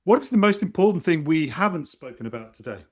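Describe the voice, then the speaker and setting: A man's voice: a little high, sing-song, fast. Polished, appreciative male podcast host. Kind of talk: interview hosting.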